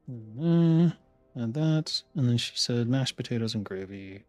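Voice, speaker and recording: A man's voice: medium pitch, animated, slow pace, darkish tone, no room sound, faint music behind. Man in his thirties, loose chatty streamer, lots of swearing and muttered asides. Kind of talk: casual chat while ordering food online.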